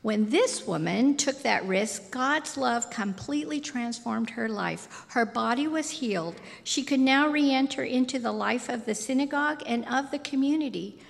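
A woman preacher delivers a sermon in a slightly high, gravelly voice, unhurried and slow. Her deliberate, soft, intimate delivery rings out with long hall reverb.

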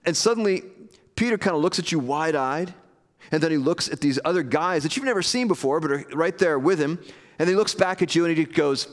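A man's voice: fairly high pitch, expressive, brisk. A man preaching a sermon in a casual, conversational way, acting out scenes with playful asides. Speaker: pastor. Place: church hall with live audience. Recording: long hall reverb.

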